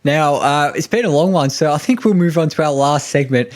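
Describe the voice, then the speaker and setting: Easygoing Australian podcast host. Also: male voice, fairly high pitch, fairly quick. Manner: easygoing, chatty, hesitant fillers. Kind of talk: casual podcast hosting.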